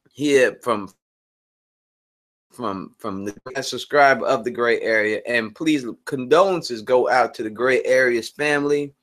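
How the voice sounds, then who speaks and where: A man's voice: medium pitch, bright, forceful tone. A man hosting a live stream Q&A, talking earnestly, repeating points and restarting sentences as he explains his view. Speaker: channel host.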